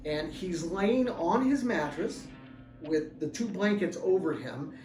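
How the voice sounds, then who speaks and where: A middle-aged man, an author and former deputy, telling a personal story in an animated, chuckling way. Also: high-pitched, slow pace. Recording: roomy room, distant mic, faint music.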